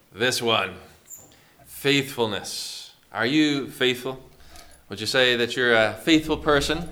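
A man's voice: medium pitch, bright, forceful tone. A male pastor preaching a sermon, asking the congregation questions and calling on members by name.

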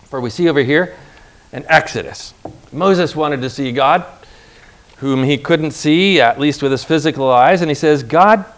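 A man delivering a sermon in a rather high-pitched voice. He talks in a casual, conversational way and keeps asking his listeners questions. His pitch leaps upward whenever he stresses a point. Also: moderate pace. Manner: emphatic, voice jumps up on acted pleas. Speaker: preacher.

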